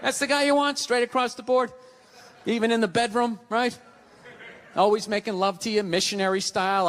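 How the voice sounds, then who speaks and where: A middle-aged man performs a stand-up set, ranting loudly and with exasperation while swearing on stage. His voice is very high, steady in tone, and at a normal speed. The live hall gives a long reverb, and audience laughter is heard in the background.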